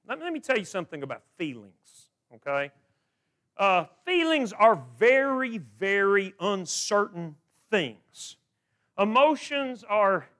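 A middle-aged male preacher with a high voice that leaps up and down. He delivers a sermon full of questions, often repeating words as he restarts his sentences. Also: pushed and bright.

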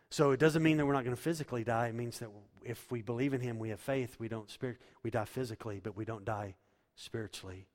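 A male pastor preaches in a middle-pitched voice, walking his listeners through scripture verse by verse. His words carry a long reverb, as if he is speaking in a large church sanctuary. He swings from quiet explanation to loud, emphatic declarations. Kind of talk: sermon.

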